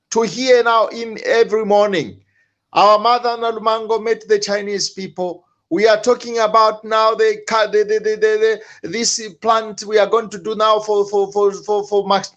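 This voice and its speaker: A man's voice: sits high, a bit bright. A man speaking as a panelist, impassioned, repeating himself and restarting his words. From Zambia. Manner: impassioned, repetitive, halting restarts. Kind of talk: political panel discussion.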